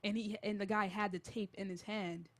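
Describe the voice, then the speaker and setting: A young woman hosting a college radio show, retelling a creepy story in a casual, animated and jittery way. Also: mid-range voice, moderate pace.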